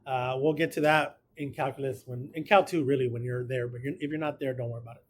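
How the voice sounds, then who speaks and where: A man's voice: medium pitch, fairly even intonation, quick pace, slightly rough. A man teaching a math class, casual and encouraging, talking through each step aloud. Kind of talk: classroom lecture.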